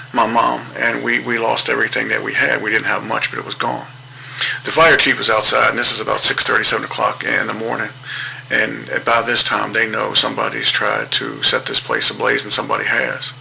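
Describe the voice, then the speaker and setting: A man with a gravelly voice telling a true story from his childhood in an earnest, preaching way, repeating himself for emphasis. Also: medium pitch, pushed and bright, slight background noise, poor audio. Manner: earnest, preaching storyteller with repetitions and a slow, measured delivery. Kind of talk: personal testimony monologue.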